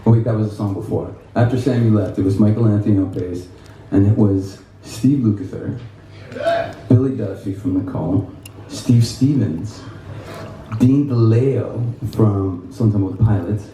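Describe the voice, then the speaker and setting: A man giving a guitar clinic, telling animated stories to an audience with laughter and quoted voices. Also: lowish voice, a little slow, slight background noise. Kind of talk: casual storytelling to an audience. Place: music store clinic in front of an audience. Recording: echoey room, mic from a distance.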